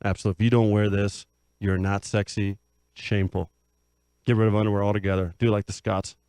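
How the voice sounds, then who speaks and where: A man's voice: fairly low pitch, level tone, brisk, darkish tone, smooth, no room sound. A man hosting a comedic advice panel, joking and reading listener letters aloud in a raised, upbeat voice.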